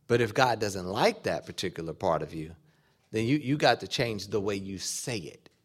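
A man's voice: fairly low pitch, animated, moderate pace. A man preaching a sermon, acting out quoted dialogue as he teaches. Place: church or conference hall.

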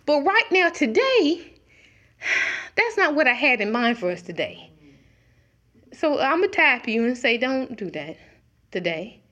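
A woman's voice: high voice, big pitch swings, a little slow, long pauses, sharp tone, muffled recording. A middle-aged woman preaching a conversational sermon, acting out little dialogues as she talks.

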